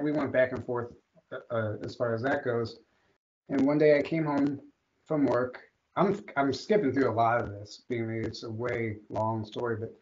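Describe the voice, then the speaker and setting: A man, a guest on an interview show, telling a long personal story in a rambling, animated way with many restarts. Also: mid-range voice, a little hiss or hum. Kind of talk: casual storytelling in a podcast interview. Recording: dull lo-fi audio.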